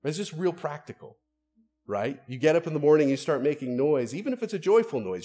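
A man's voice: fairly high pitch, expressive, fast, dark tone. A man, a pastor, preaching an earnest, conversational sermon and asking his listeners rhetorical questions.

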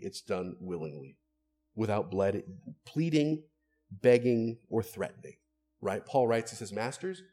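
A man's voice: fairly low pitch, darkish tone, husky. A man, a pastor, preaching an earnest, conversational sermon and asking his listeners rhetorical questions.

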